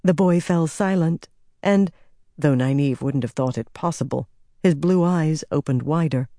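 A woman reads fantasy audiobook narration at a measured, steady pace. Her tone is dark and mellow. The recording is dry and close. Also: low voice, dry recording.

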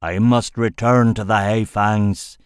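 A man voicing a hulking male shaman mage lord, cold and wrathful, with a low rumbling voice and a formal, growling delivery. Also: measured pace, smooth, dry recording, studio quality, lightly acted. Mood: menacing.

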